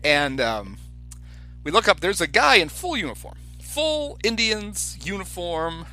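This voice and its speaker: A man's voice: high voice, unhurried, faint music behind. A man co-hosting a podcast, telling a story in casual chat and acting out the people in it. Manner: animated anecdote teller, acts out quoted voices. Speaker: podcast co-host.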